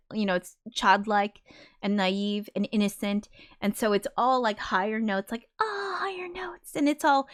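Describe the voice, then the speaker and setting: A woman hosting a casual livestream, thinking aloud as she explains her songs and now and then singing a line to show what she means. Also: medium pitch. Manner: demonstrates by briefly singing lines. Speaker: livestream host and songwriter.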